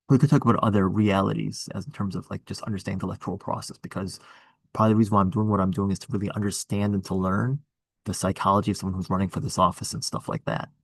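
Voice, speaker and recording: A man's voice: lowish voice, vocal fry, dry recording. A man running for office, talking through his campaign in a rambling, earnest way with many restarts. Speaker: political candidate. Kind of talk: casual political chat.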